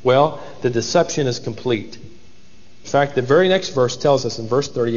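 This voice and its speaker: A man's voice: mid-range voice, normal speed, in a large hall, highs cut off. A married man preaching a sermon, reading scripture aloud dramatically and voicing its characters. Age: adult, married. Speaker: pastor.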